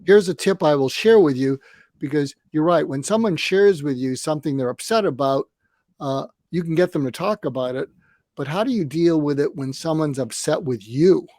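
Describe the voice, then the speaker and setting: An older man in his seventies talks through advice in a measured, explanatory way, sometimes voicing both sides of an argument. His voice sits a little high for a man. The recording is dry and close, with no room sound. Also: no echo. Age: 70s. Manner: calm, explanatory, acts out example dialogues. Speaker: guest psychiatrist and coach. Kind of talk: conversational advice on a podcast.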